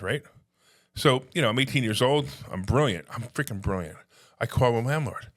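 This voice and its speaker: A man telling stories in casual conversation, animated, acting out phone calls in quoted voices. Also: medium pitch, normal speed. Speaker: podcast guest, real estate investor.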